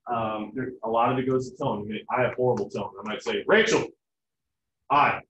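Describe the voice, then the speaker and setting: A man's voice: fairly low pitch, little pitch movement, fast talker, slight background noise. Male teacher lecturing loosely with jokes, recorded from across an echoey room. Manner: casual, joking, acts out family voices. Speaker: biology teacher. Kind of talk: classroom lecture. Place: classroom. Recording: echoey, distant, dull room sound.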